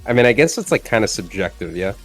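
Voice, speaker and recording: A man's voice: lowish voice, very animated, fast talker, faint music behind. A man co-hosting a live stream in casual chat, blunt and teasing.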